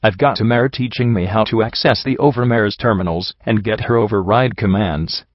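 A man's voice: lowish voice, no echo, lightly acted. Man voicing a desperate, sobbing young stallion. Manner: soft, rushed, sobbing pleas. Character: grieving young male pony prisoner, desperate. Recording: dull dry recording.

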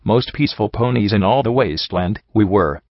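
Male audiobook reader, low pitch, dry slightly dull recording; steady narration. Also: a little fast, dry recording. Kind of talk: first-person fan fiction narration.

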